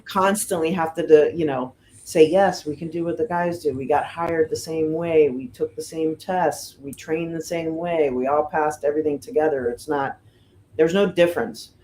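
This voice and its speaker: A middle-aged woman from the United States, a fire lieutenant, telling stories casually in an interview, with lots of "you know" and "um" and lively voices for the people she quotes. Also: low voice, normal speed, a little hiss or hum. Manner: chatty, fills with "you know" and "um", animated retelling of quotes. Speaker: firefighter lieutenant and guest.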